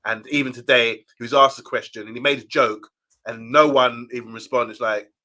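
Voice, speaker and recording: A man's voice: mid-range voice, steady tone, fairly quick, pushed and bright. A man co-hosting a casual live fan show, chatting and reading out viewer comments. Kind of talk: casual live-stream chat.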